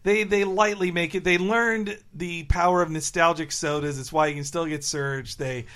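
A man's voice: fairly high pitch, normal speed. A man co-hosting a podcast, chatting casually and acting out quotes with jokey energy. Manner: animated, jokey, acts out quotes. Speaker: podcast co-host. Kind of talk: casual chat.

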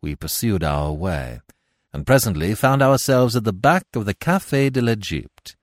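A man giving scripted narration of a classic tale in a measured, expressive way. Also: fairly low pitch, no room sound, clean studio sound. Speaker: audiobook narrator.

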